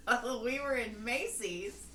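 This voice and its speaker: A podcast co-host shares everyday stories in casual chat, her voice on the high side, expressive, pushed and bright as she takes her time. She's a giggly storyteller who laughs often. The recording sounds distant, in an echoey room with faint noise.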